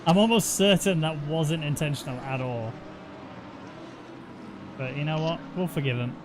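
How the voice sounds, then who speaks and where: A man doing casual, joking commentary on an online sim race, getting loud and excited at crashes. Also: on the high side, normal speed, background noise. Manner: joking, banter-heavy, excitable on incidents.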